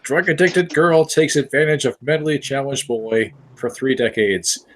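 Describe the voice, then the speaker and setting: A man running the quiz rounds on a casual podcast, reading out clues and teasing the panel. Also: mid-range voice. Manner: teasing, reads clues slowly. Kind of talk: casual podcast game chat.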